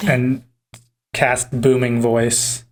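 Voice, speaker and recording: A man's voice: medium pitch, little pitch movement, extremely slow, crowd noise. A man playing a tabletop game, chatting casually and teasing himself. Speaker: player.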